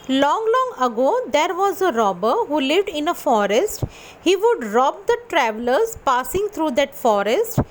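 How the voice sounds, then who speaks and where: A woman's voice: sits high, a little hiss or hum. A woman teacher reading a story aloud to a class, repeating and explaining each sentence simply. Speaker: school teacher.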